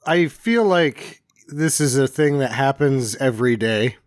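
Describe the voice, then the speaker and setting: A man's voice: medium pitch, unhurried, no echo, studio quality. A man casually chatting about a film, blunt and wry, cursing freely. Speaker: podcast co-host. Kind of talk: casual movie review chat.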